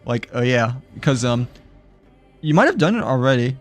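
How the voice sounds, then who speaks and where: Soft background music plays as a young man streams a game, his medium-pitched voice very animated at a normal speed. He chats casually, rambling with lots of filler words and trailing off.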